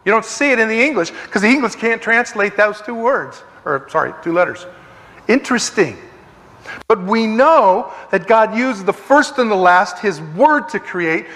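Man, high-pitched voice, bible study teacher, emphatic, rambling, long hall reverb. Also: animated, normal speed, fairly bright tone. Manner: emphatic, digressive, repeats phrases for stress.

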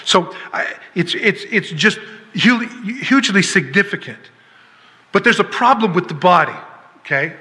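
A man's voice: high voice, expressive, a little slow, bright, forceful tone, long reverb tail. A man preaching a sermon as pastor, emphatic, firing rhetorical questions and acting out little dialogues.

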